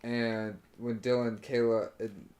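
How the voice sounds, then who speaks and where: A man's voice: lowish voice, little pitch movement, slow, darkish tone. A young man co-hosting a podcast, telling a rambling story in casual chat, swearing often and acting out his friends' lines. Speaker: podcast co-host.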